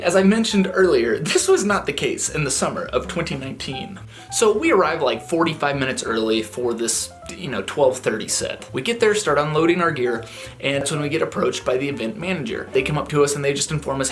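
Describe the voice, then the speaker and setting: Animated man telling a gig story. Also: a little high. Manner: animated, laid-back slang, laughs while telling. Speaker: touring band singer and guitarist. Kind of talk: casual storytelling to camera.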